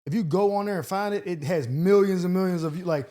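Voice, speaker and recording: Man with a slightly high voice, hosting a podcast. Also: a little fast. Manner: loose, loud reactions, frequent fillers. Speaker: host. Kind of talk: casual podcast chat.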